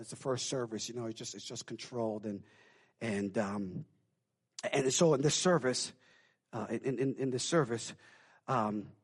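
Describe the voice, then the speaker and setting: A man preaching a sermon, acting out the people in his stories and swinging from hushed storytelling to loud, fervent calls. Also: medium pitch, breathy edge. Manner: dramatic, acts out quoted voices, swings from hushed to shouting.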